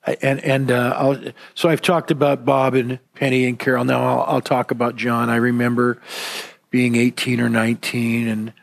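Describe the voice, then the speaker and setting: This pastor delivers his sermon like a chat, wandering through stories from his own life, poking mild fun at himself, and often using fillers or starting over. He talks at a moderate pace with a medium-pitched, creaky voice.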